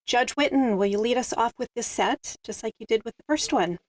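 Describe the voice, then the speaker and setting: A woman's voice: fairly high pitch, a little fast. A woman hosting a panel discussion, speaking in a reflective, storytelling way. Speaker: host.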